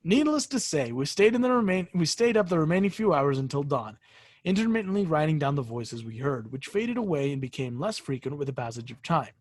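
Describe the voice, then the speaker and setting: A man's voice: sing-song, brisk, dry recording. A man co-hosting a podcast, casually reading creepy stories aloud and joking with friends. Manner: jokey, bursts into shrill shouted ghost voices. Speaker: podcast co-host.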